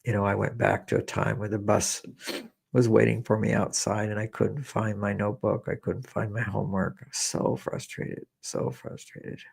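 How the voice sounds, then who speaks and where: A man leading a guided meditation, speaking slowly and repetitively as he coaxes listeners through feelings and shares his own memories. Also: lowish voice, little pitch movement, gravelly, husky. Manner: slow, repetitive, gently coaxing with personal memories. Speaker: meditation teacher.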